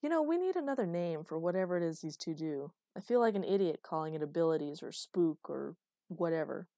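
A woman reading the lines of a big, gruff male commander in an audiobook, in a dry recording. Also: on the high side, expressive, fairly quick, warm tone, dry recording. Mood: steady. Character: big deep-voiced calm male commander.

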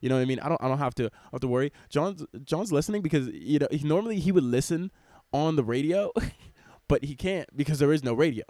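A young man hosting a podcast, rambling excitably and swearing freely as he records in public on a cruise ship. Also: on the high side, fast talker, no echo. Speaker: podcast host. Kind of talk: casual podcast chat. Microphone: wearing headphones, laptop recording.

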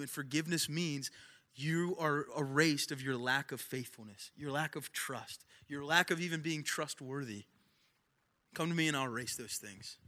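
A man's voice: fairly high pitch, moderate pace, sharp tone. A young man preaching a sermon in a casual, conversational way, repeating phrases for emphasis. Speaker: pastor.

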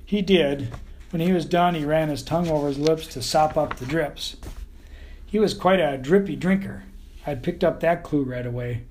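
A man with a Texan accent reads a children's story in the first person. His folksy drawl is dry and unhurried, and his voice sits somewhat high for a man. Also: darkish tone, slight background noise. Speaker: audiobook narrator.

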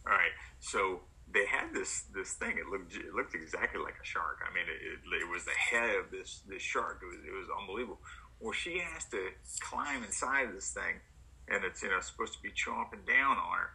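A man being interviewed as an actor, telling stories in an animated way and acting out what others said. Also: deep voice, moderate pace, creaky, rough recording. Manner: animated, acts out quotes. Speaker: actor guest. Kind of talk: storytelling in a podcast interview.

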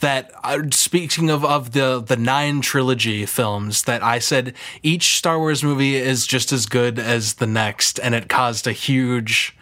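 A male podcast co-host with an everyday mid-range voice. He teases his friends with deadpan jokes and sudden playful bursts of indignation. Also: mid-range voice, unhurried, hardly any pauses. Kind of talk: casual podcast chat.

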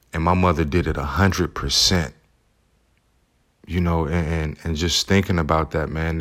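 A man's voice: sits low, fairly bright tone. A single father telling his own life story in a heartfelt, loose way, with lots of "you know" and "man". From United States. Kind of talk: personal storytelling.

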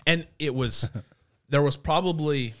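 A man's voice: a little high, unhurried, no room sound, studio quality. A man telling his own snowmobile crash story in casual, profane chat, acting out what he said. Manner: animated, swearing, acts out his own words.

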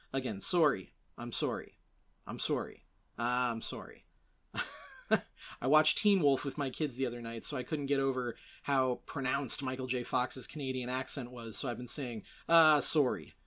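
A man in his thirties runs an entertainment news podcast in a loose, conversational way. His voice sits a bit on the high side. He turns animated and sarcastic as he calls out companies by name. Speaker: podcast host. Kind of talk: casual news commentary podcast.

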